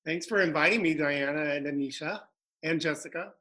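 Lively older male storyteller. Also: on the high side, brisk. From South Texas. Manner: lively storyteller who acts out quotes. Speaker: guest. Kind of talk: anecdotal storytelling.

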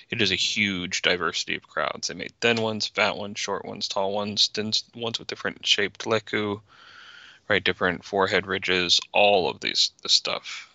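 A man's voice: low-pitched, creaky, pushed and bright, no echo, dull audio. A man co-hosting a casual podcast chat, explaining production details loosely with plenty of fillers. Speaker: podcast co-host.

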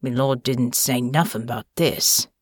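A woman doing a gruff rustic sleigh driver. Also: very deep voice, a little slow, dry recording, clean studio sound, pitched below the performer's own voice, heavily acted. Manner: grumbling, country dialect.

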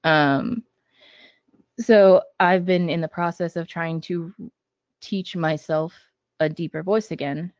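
A man, a game designer guest on a podcast, talking in a measured way with frequent ums. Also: fairly high pitch, steady tone, clear, resonant tone, no echo. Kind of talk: casual podcast chat. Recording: dull, dry lo-fi audio.

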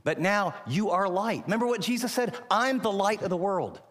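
A man preaching a sermon as pastor, emphatic and pausing on key words. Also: sits high, animated, a bit bright, big-room sound.

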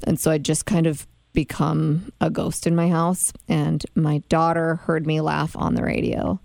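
A woman host with a gravelly, fairly low voice. She affirms her guest and shares her own reflections in a relaxed conversational way. Her tone is mellow and the recording is dry. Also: a little slow, dry recording. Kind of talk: conversational interview.

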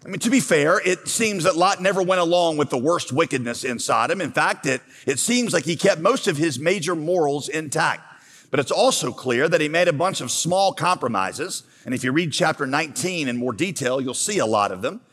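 A man's voice: fairly high pitch, fairly bright tone. A man preaching a sermon, retelling a scripture story and posing rhetorical questions to his listeners. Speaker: pastor. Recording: long hall reverb.

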